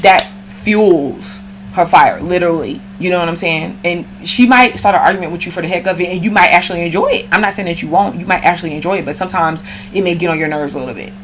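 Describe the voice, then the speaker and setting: A woman with a fairly low voice gives a casual astrology reading. She talks in a loose, slangy, chatty way and speaks straight to her listener, with a faint hum behind her. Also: fast talker. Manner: slangy, chatty, addresses viewer directly. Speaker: astrology reader.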